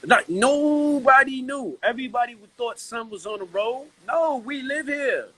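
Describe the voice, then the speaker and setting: Brooklyn dude on a hip hop chat, high bright voice, kinda husky, keeps restarting lines. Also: male voice, a little slow, rough recording. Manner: animated, slangy, many restarts. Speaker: guest. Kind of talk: casual hip-hop conversation.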